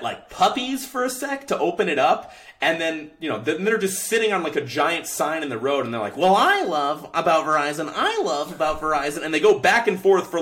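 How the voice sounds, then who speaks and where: A man's voice: mid-range voice, a bit bright. Ranting casual male podcast host. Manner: ranting, exasperated, laughs often. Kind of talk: casual sports podcast chat.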